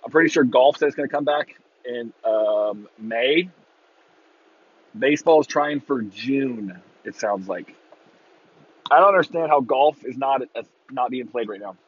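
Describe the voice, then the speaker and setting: A man ranting casually on a podcast, swearing freely and breaking into loud mocking impressions of fans. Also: medium pitch, a little slow, pauses often, slightly rough, lo-fi sound. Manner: profane, exasperated ranting with mocking shouted impressions. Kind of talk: casual rant.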